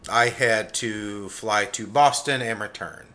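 A man's voice: lowish voice, slow, sharp tone. A man co-hosting a podcast, telling loose, joking stories in casual chat. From Pennsylvania, USA. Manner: rambling, joking, loose storytelling. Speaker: podcast co-host.

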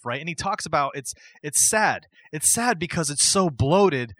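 Animated man spinning a wrestling tale. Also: fairly high pitch, no room sound. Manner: animated, acts out quotes, laughs often. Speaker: podcast host. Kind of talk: excited wrestling storytelling chat.

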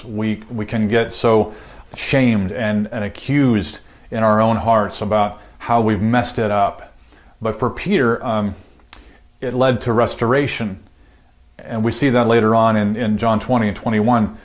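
Male pastor, measured sermon, slightly dull recording. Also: on the low side. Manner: reflective, measured, with fillers.

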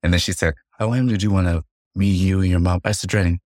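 A young man with a very low voice carries this casual podcast chat, retelling stories with lively energy and jumping into high-pitched imitations for other people's lines. The sound is close and dry. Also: fast talker, no room sound. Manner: animated storyteller, mimics others in a high voice. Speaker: podcast co-host. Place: a room at home.

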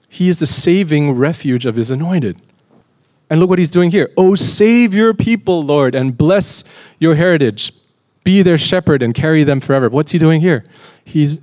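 A man's voice: medium pitch, a little mellow. A man preaching a sermon as a pastor, earnest, often repeating words and lifting his voice when he reads scripture aloud.

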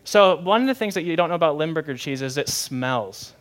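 A man's voice: fairly high pitch, lively intonation, a little fast, fairly bright tone. A young adult man, a pastor preaching a sermon in a conversational, candid way with self-deprecating humor.

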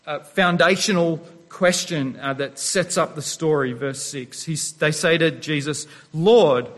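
Man, pastor, sermon, earnest, rhetorical questions, fairly high voice. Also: a bit bright. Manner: earnest preaching with rhetorical questions and some restarts.

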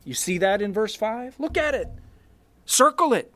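A man preaching a sermon, emphatic, stressing key words and pausing deliberately between short phrases. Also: high-pitched, animated, sharp tone. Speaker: pastor.

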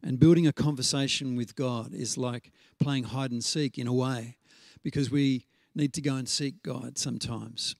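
A man preaching a sermon in a conversational storytelling way, slowing down to stress scripture references. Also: mid-range voice, steady tone, creaky, no room sound, studio quality. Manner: conversational storytelling with frequent fillers and restarts.

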